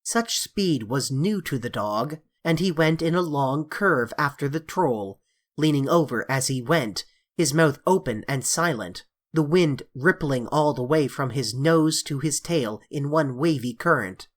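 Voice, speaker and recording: Measured audiobook narrator reading fantasy. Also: medium pitch, animated. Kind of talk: scripted narration of a classic fantasy novel.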